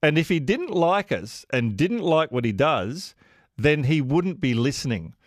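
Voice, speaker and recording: Talkback host: male, chatty and quick to laugh, lively pitch, dry studio. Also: no echo. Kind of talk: warm casual on-air chat with callers. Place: radio studio.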